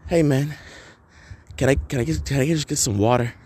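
A man's voice: mid-range voice, normal speed, a little mellow, husky, lightly acted. A man mimicking a stoned, stammering young guy. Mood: pleading. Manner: hesitant, stammering. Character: stoned, nervous young man asking for water.

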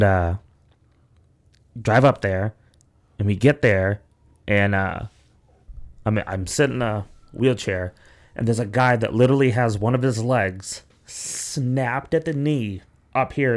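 A young male podcast host with a lowish voice and measured pace tells a long story in a casual, rambling way. He swears a lot, leans heavily on "like," and acts out the voices he quotes.

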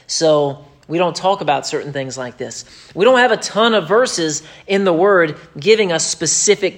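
A man preaching a sermon to his church, emphatic, with quick asides and mocking quoted voices. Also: fairly high pitch, fairly bright tone. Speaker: pastor.

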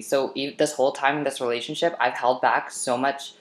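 A woman with a low voice tells a personal story in a casual chat. She is animated and swears a lot. The room has a noticeable echo. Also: fairly quick. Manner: animated, swearing, breaks into laughter. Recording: echoey room.

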